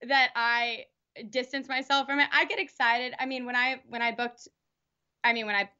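A young actress chatting as an interview guest, rambling with lots of fillers and restarts. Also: female voice, fairly high pitch, fairly even intonation, moderate pace, bright, forceful tone, clean tone, highs cut off. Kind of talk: casual interview.

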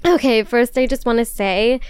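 A young woman from the Chicago area talks straight into a close podcast mic, chatty and confessional, poking fun at herself. Her voice sits slightly high and comes through smooth and clean. The sound is dry, with no room around it. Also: moderate pace, dry recording. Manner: chatty, self-deprecating, laughs often. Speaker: podcast host. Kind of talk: casual confessional chat.

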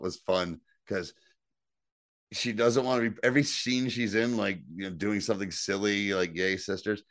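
A man's voice: fairly low pitch, no room sound, studio quality. A man co-hosting a podcast, recapping a TV episode in casual, rambling chat and acting out characters' lines. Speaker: podcast co-host.

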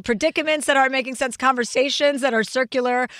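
A woman's voice: high voice, steady tone, fast talker, fairly bright tone, no echo, studio quality. A woman in her forties hosting a podcast, a comedian talking in a blunt, profane, casual way. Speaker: podcast host. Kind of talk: casual chat.

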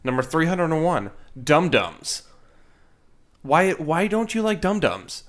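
A woman's voice: low-pitched, very animated, slow pace. Teen girl host, playful, giggly, keeps the chat on track. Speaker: podcast host. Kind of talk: casual chat.

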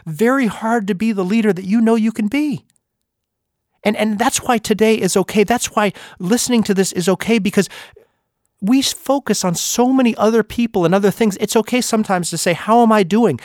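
A man's voice: high voice, no room sound, clean studio sound. A man hosting a podcast, giving an emphatic motivational talk full of rhetorical questions. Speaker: podcast host and speaker.

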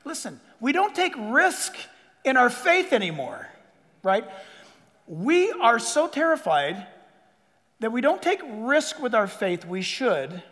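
High, lively man preaching in a hall. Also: takes it slowly. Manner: animated, acts out quoted dialogue in different voices. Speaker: pastor. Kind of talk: sermon.

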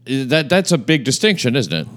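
A man's voice: mid-range voice, big pitch swings, normal speed, a bit bright. A man hosting a casual chat, reading out a news item and making wry joking asides. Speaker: host.

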